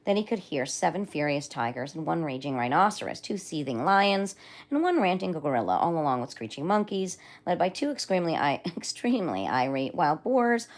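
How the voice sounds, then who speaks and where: A woman reading a children's book aloud on a livestream in a lively, expressive way. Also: low voice, fairly quick. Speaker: livestream storyteller.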